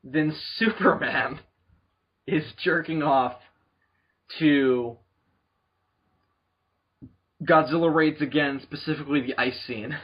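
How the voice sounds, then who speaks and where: A young man chatting on a comedy podcast, crude and excitable, breaking into loud acted-out yells. His voice sits a little high. The recording sounds dull and lo-fi. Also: slow, pauses often, breathy edge. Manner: crude, excitable, acts out scenes in yelling voices. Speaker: podcast co-host. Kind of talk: casual comedic chat.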